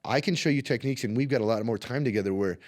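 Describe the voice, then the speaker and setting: A man's voice: mid-range voice, racing. A man, a martial arts instructor, telling stories in a casual interview and acting out the voices of the people in them. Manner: animated, acts out quotes in his stories.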